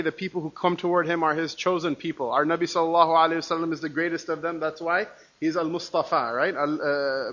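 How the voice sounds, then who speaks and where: Fast, bright-voiced male religious teacher. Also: fairly high pitch, lo-fi sound. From United States. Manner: fast, animated, many restarts and rhetorical "right?". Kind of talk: classroom religious lecture.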